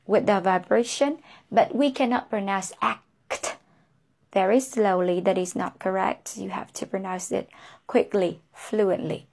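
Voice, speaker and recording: Woman, english pronunciation teacher, very slow deliberate delivery, repeats each word, "huh?" tag questions. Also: mid-range voice.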